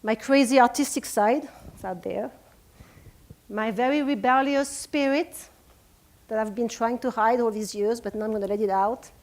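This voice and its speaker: A woman's voice: fairly high pitch, moderate pace, a little mellow. A woman in her forties with a French accent, giving an earnest, emotional motivational talk at a retreat. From France. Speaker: speaker. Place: retreat conference room.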